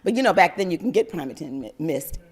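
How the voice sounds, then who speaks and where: An older woman from New York telling a personal story to an audience, animated and often laughing. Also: low-pitched, fast, slightly rough.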